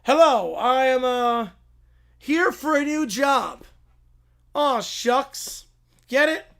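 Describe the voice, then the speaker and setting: A goofy young joker who will not stop yelling corn puns. The voice sits high and strained, with a gravelly rasp, and it rushes up to a shout on every punchline. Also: male voice, expressive, exaggerated voice. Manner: shouts the same pun catchphrase again and again. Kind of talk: comedic read-aloud of a viewer prompt.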